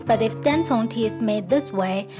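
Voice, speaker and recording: A woman narrating a scripted documentary voice-over in a steady, explanatory way. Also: fairly high pitch, normal speed, loud music behind the voice.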